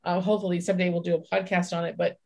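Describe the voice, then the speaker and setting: A woman's voice: lowish voice, level tone, rapid-fire, creaky, darkish tone. A woman co-hosting a podcast, telling a personal story in casual chat, candid, swearing and acting out her own inner voice. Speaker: podcast co-host.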